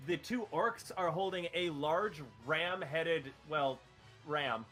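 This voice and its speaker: A man's voice: a little high, slow pace, bright, forceful tone, faint music behind. A man narrating as game master, explaining rules with lots of fillers.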